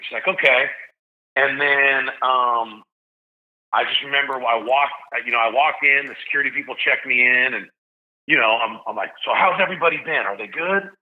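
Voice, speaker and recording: A man's voice: mid-range voice, moderate pace. A man in his forties from Tennessee, a podcast guest telling a story in a casual, slangy way and acting out the voices he quotes. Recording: tinny phone-line sound.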